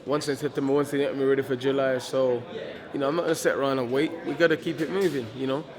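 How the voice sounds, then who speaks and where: A man's voice: medium pitch, steady tone, quick pace, crowd noise. A man, a heavyweight boxer in a casual press interview, talking defiantly and repeating himself, stumbling over words.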